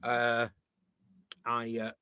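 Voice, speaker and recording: Middle-aged man from England, podcast guest, animated anecdotes, acts out quoted voices, dry close sound. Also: mid-range voice, very slow, clean tone, no room sound. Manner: lively storyteller who acts out quoted voices. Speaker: guest, comedian and actor. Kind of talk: casual anecdotal chat.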